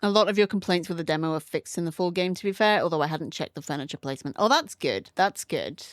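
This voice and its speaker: A woman's voice: lowish voice, animated, quick pace, no room sound, studio quality. A woman streaming from home, chatting casually and candidly with her viewers while setting up a game. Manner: chatty and candid, greets chat by name, swears casually.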